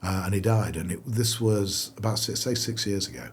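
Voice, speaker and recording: A middle-aged company founder rambles through his story in a relaxed interview. His voice is very low, and he trips over restarts and fillers as he goes. A faint ambient hiss sits underneath. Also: normal speed. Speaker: founder of a clothing brand; guest. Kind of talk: casual interview chat.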